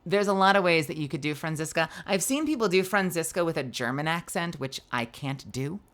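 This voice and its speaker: A tired woman streamer chatting loosely with her viewers. Her voice is low-pitched for a woman but bright and forceful, and she rambles with frequent giggles and restarts. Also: animated, fairly quick. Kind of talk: casual chat with viewers.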